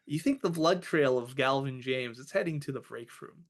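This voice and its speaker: A man's voice: mid-range voice, normal speed. A man narrating a tabletop game as game master, often laughing as he describes scenes.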